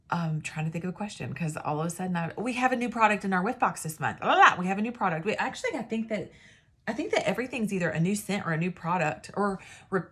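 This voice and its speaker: A woman talks straight to her viewers in a casual, rambling way, restarting sentences and trailing off. Her voice sits a little low for a woman. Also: a bit bright, breathy edge. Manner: rambling, chatty, self-interrupting. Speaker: independent sales consultant. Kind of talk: casual talking-to-camera advice.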